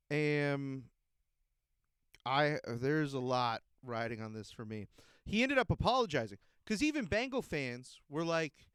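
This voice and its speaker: A man's voice: a little high, expressive, measured pace, fairly bright tone, clear, resonant tone, dry recording, studio quality. A man hosting a podcast, ranting in a profane, heated and exasperated way. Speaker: podcast host. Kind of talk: casual ranting monologue.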